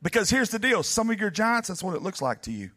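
Talking fast in a high, very animated voice, a man preaches a dramatic sermon. He speaks directly to the congregation and works himself up almost to shouting.

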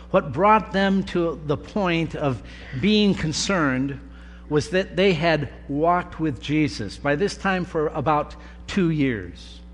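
Slow, deliberate preacher in a reverberant hall. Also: male voice, a little high. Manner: slow, deliberate delivery with emphatic pauses. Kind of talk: sermon. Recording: long reverb of a large hall, faint hum.

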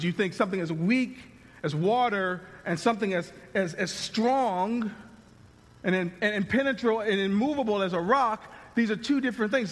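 A male pastor preaching in a high, lively voice. He talks conversationally and often restarts his sentences, and every word trails off into the long reverb of a large hall. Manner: conversational, animated, with frequent restarts. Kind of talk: sermon.

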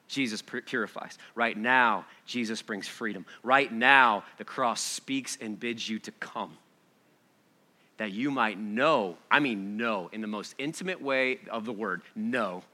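A man preaching a sermon, reading scripture softly and then building to loud, excited exhortation with rhetorical questions. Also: mid-range voice, slow.

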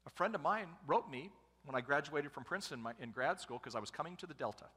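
Lively, bright-voiced man preaching in a hall. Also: fairly high pitch, fast, breathy edge. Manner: humorous, conversational preaching with asides to the congregation. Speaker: pastor and family speaker. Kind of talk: sermon.

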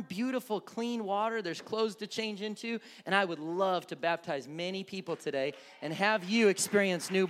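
A man preaching a sermon as pastor, animated, acting out quoted prayers and shouts. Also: sits high, big-room sound. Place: church.

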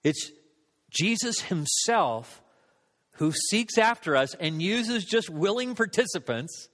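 A man's voice: high voice, expressive, slow pace, a bit bright, long reverb tail. A man preaching a sermon, telling a story about himself in a casual, self-mocking way. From Southern United States. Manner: storytelling, conversational, self-deprecating. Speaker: pastor.

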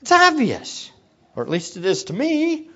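A preacher giving a sermon, swinging from hushed low teaching to loud excited exclamations and putting questions to the listeners. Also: unhurried, muffled recording. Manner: asks the audience questions.

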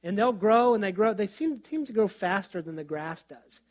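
Speaking at a moderate pace, a middle-aged male pastor uses a high-pitched, expressive voice with a darkish tone. His sermon is conversational and story-driven, marked by frequent restarts.

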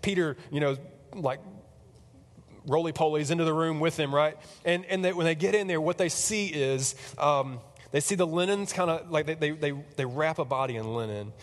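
A man retells a story as a casual, chatty sermon, animated and full of fillers. His voice is a bit high for a man and carries a long reverb from a large hall. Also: normal speed.

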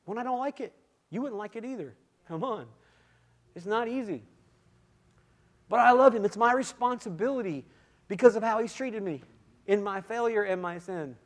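A man giving a sermon testimony, swinging from quiet, intimate moments to loud, emphatic calls, with repeated "come on" and "listen". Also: high voice, moderate pace, pauses often. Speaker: guest speaker giving testimony.

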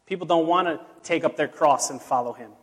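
Pastor guy giving a laid-back sermon, storytelling, kinda high voice, big echoey hall. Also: brisk, breathy edge. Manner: casual, storytelling with plain asides. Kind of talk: conversational sermon. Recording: long reverb of a large hall.

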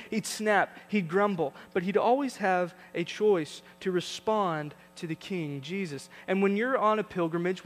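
A man's voice: high voice, big-room sound. A young adult male pastor preaching a sermon, telling a family story with acted-out voices and building to emphatic points.

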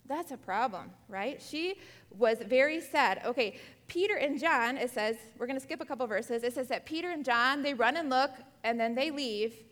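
Woman teacher, animated Bible class, questions the kids, lingering room echo. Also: on the high side. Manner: asks the class many questions; animated, acts out quotes. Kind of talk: Bible lesson to girls.

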